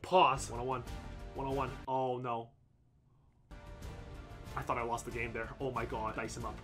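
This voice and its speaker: A man giving casual commentary over his football video game, excitable, swinging from low muttering to yelling at the game. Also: moderate pace, soft background music. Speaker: gameplay commentator.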